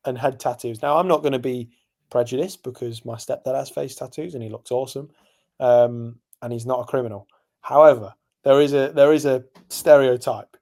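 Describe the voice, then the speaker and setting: A man's voice: mid-range voice, darkish tone. A young man from England, co-hosting a podcast, telling a long story in casual chat with lots of ums and asides. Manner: rambling storyteller, many fillers. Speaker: podcast co-host.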